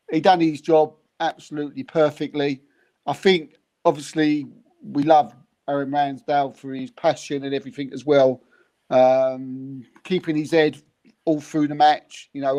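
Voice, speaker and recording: Bloke telling footy stories, animated, lots of chuckles, slightly high voice. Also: male voice. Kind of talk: casual football reaction chat.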